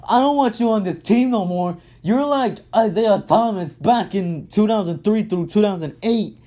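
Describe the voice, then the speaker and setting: An angry man delivers a sports rant, his voice dark and mellow even as he swears at every turn. He circles back to the same complaints again and again, heated and blunt. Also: sits high, normal speed. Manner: heated, swearing, repeats himself. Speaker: vlogger ranting about his basketball team.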